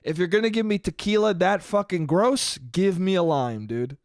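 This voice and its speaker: Animated, profane man telling stories. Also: sits high, normal speed, no room sound, studio quality. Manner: profane, animated, self-mocking. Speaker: podcast host. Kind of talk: solo comedic storytelling monologue.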